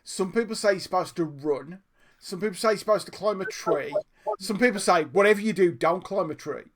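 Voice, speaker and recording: A man and podcast co-host, telling a story in an animated, laughing way during a casual live chat. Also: sits high, brisk. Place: home room, streamed live.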